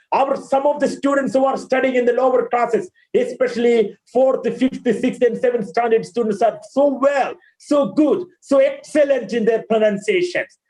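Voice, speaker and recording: A Malayali-accented man with a very high voice teaches pronunciation over a video call. He says each word slowly and repeats it several times so learners can echo it back. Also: darkish tone. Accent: Malayali English. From Kerala, India. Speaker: pronunciation trainer. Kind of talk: online pronunciation lesson.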